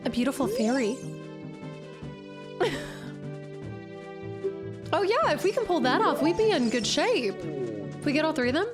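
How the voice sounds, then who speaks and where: A young woman streaming a game in casual, giggly chat, her voice going a bit hoarse as she keeps clearing her throat and talking to her cat. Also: high voice, huge pitch swings, measured pace, pauses often. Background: game music.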